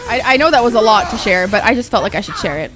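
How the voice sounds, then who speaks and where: A woman's voice: fairly high pitch, fast talker, music in the background. Chatty young woman streamer. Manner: rambling, animated storytelling. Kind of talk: casual chat while gaming.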